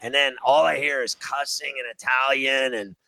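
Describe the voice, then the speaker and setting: A middle-aged man hosting a casual chat, telling animated stories and acting out quotes. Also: mid-range voice, normal speed, over a noisy crowd, rough recording. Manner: animated storyteller, acts out quotes.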